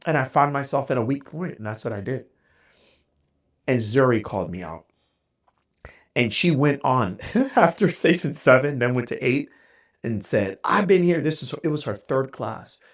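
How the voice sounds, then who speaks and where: Lively man telling a story. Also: mid-range voice, normal speed, pauses often. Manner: animated, self-deprecating, candid. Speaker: podcast host. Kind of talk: casual storytelling monologue.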